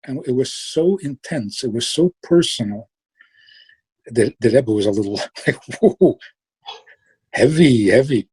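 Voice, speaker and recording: A man telling a story in a relaxed way, slow and reflective, trailing off and restarting and sometimes acting out the people in it. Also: mid-range voice, breathy edge. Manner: acts out quoted voices with sudden outbursts.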